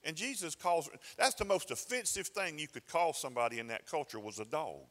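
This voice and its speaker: A man's voice: fairly high pitch, expressive, fairly quick, a bit bright, big-room sound. A male pastor preaching a sermon in a folksy, conversational way, often restarting his phrases. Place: church sanctuary.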